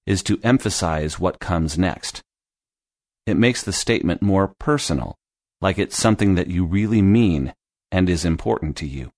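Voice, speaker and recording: A man narrating a scripted English lesson, explaining grammar in a clear, deliberate way. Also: sits low, expressive, no echo, studio quality. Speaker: English teacher.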